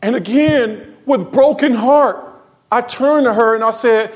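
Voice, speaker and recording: A man with a high voice preaches to his church. He tells stories, drops low and quiet for asides, and then rises into loud, ringing declarations. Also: measured pace. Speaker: pastor. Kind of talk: sermon.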